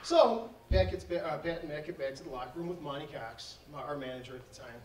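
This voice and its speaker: Storyteller at a live panel: higher-pitched man, rambling and laughing, echoey hall, heard from afar. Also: animated, quick pace. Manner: rambling, laughing, acts out quoted dialogue. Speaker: event speaker telling a fight story. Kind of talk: casual storytelling to a live audience. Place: event hall. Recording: echoey hall, distant mic, faint noise.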